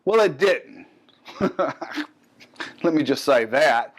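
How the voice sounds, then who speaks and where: A man's voice: on the high side, animated, extremely slow. A middle-aged man with a Southern American accent, hosting a fitness show and chatting casually about a product with joking asides. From Gulf Coast of the US. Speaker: host.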